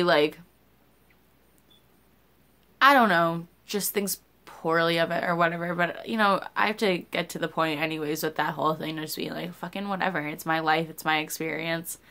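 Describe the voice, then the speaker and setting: Bright, clear-voiced young woman venting. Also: fairly low pitch. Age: young adult. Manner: candid, rambling, swears freely. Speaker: YouTuber. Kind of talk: casual vlog chat.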